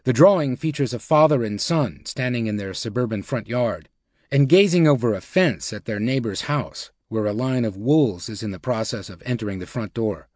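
A man narrates nonfiction for an audiobook, reading his script steadily and with measure at a regular middle pitch. The sound is close and dry, free of any room sound.

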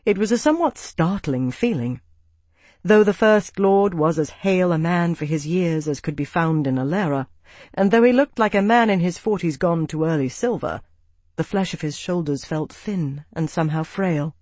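A man narrating an audiobook in a measured, even storytelling voice. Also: fairly high pitch, no echo. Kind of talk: scripted narration.

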